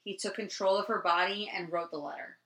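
A woman's voice: medium pitch, steady tone, brisk, a bit bright. Profane storytelling woman in an echoey room. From New Jersey. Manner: rambling and profane, many ums, laughs easily. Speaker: podcast co-host. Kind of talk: casual storytelling chat. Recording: roomy echo.

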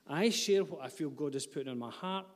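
A man's voice: a little high, fairly quick, long reverb tail. A man, preaching a sermon as pastor, earnest, with light asides to the congregation. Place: church hall.

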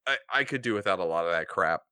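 A man's voice: sits low, animated, fast, sharp tone, clean tone, dry recording, studio quality. A man co-hosting a casual podcast chat, blunt and sarcastic. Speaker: podcast co-host.

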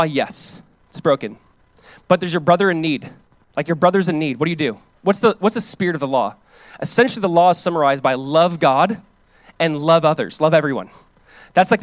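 A young male pastor teaching a sermon in an easy, chatty way, often checking in with his listeners. His voice sits high for a man. The sound is close and dry, with no room echo. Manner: casual, conversational teaching with checks on the audience. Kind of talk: expository sermon.

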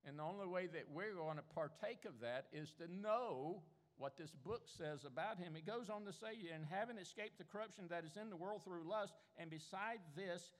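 A man's voice: high-pitched, moderate pace, hardly any pauses. An older man preaching a sermon as pastor, emphatic and insistent, repeating key words to drive them home. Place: church sanctuary. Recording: echoey church hall.

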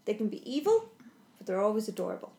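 A woman's voice: mid-range voice, sing-song, creaky, mellow. An Irish woman co-hosting a podcast, reacting to the story and chatting along. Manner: responsive listener, quick to laugh. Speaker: podcast co-host. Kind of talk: casual chat.

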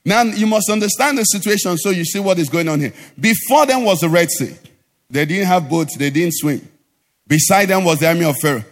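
Male pastor, high sing-song call-and-response sermon, live hall reverb. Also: animated, brisk. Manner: call-and-response preaching, asks the congregation to finish sentences; sing-song rising delivery at climaxes. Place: church. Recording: live church hall with reverb and faint music.

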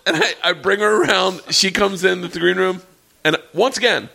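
Middle-aged male comedian, slightly high voice, animated, profane storyteller who laughs through his tales. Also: moderate pace, vocal fry. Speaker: stand-up comedian, podcast guest. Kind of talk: storytelling in casual chat.

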